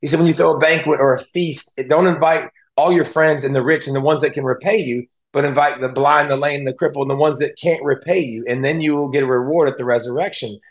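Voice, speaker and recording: A man speaks as an interview guest, his voice sitting a little high for a man. He tells his story earnestly and with feeling, restarting sentences as he goes. He sounds close to tears at times but keeps going. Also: fairly even intonation, fast. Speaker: guest, former football player and analyst. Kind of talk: casual interview talk.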